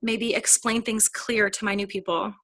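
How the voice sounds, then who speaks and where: Bright, upbeat woman trainer. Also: mid-range voice, little pitch movement, normal speed, no room sound. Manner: chatty and upbeat, acts out quoted dialogue. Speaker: direct sales team trainer. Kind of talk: casual motivational training talk.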